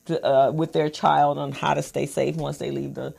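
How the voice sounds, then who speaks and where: A woman's voice: low-pitched, level tone, normal speed, creaky, mellow, husky. A woman co-hosting a talk show, playful and teasing in casual chat. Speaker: co-host.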